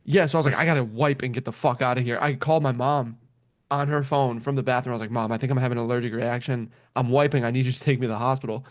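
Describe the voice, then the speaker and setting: His medium-pitched voice races as the young man tells a story in casual conversation. Animated, he mimics what people said, swearing and laughing often.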